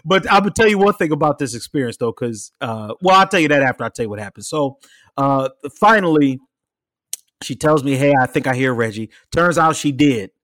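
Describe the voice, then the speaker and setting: Animated high-voiced man telling a story. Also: fairly quick, dry recording. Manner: animated storyteller, swears freely, acts out quotes and cat sounds. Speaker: podcast co-host telling a story. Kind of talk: casual chat.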